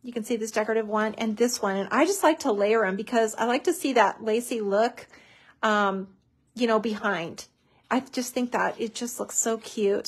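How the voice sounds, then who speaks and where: A chatty woman runs a live craft tutorial in a bubbly, easygoing manner, relying on fillers as she talks. Her voice sits a little high and has a breathy edge.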